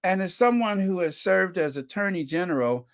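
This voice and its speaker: A man's voice: high voice, animated, normal speed. A man hosting a commentary channel, talking casually to his viewers with frequent laughter and emphatic asides.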